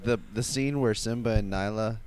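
A man's voice: lowish voice, moderate pace, background noise. A man co-hosting a podcast, talking in a laid-back, chatty way. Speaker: podcast co-host. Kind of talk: casual chat.

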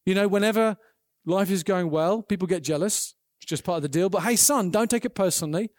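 High-voiced preacher, earnest. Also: male voice, a little fast, no echo, studio quality. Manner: earnest, animated storytelling with acted quotes. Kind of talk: sermon.

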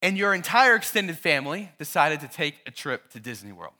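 A man, a pastor, preaching a sermon in a church and telling a story to his congregation, with lively questions to his listeners. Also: on the high side, fairly quick.

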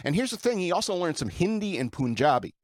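A man's voice: sits high, very animated, fast, no echo. Man, podcast host, rambling, irreverent, dry close sound. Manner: irreverent, rambling, with fillers and laughs. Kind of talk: casual rambling monologue.

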